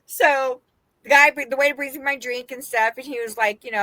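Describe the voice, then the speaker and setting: A woman from Las Vegas co-hosting a podcast, telling a story in casual chat, animated and laughing as she quotes the people in it. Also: high voice, brisk, no echo. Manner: animated, laughing, quoting others in her story. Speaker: podcast co-host.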